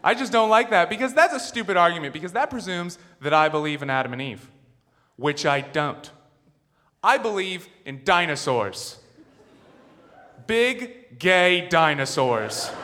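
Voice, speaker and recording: A man's voice: fairly high pitch, bright, forceful tone. A man in his twenties performing a rambling, self-mocking stand-up set on a theater stage before a live audience. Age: 20s. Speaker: stand-up comedian. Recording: stage mic in a reverberant theater with crowd.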